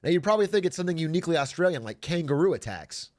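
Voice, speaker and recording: A man's voice: fairly high pitch, lively intonation, rapid-fire. A man chatting casually on a livestream, joking and reading messages from chat aloud. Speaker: streamer.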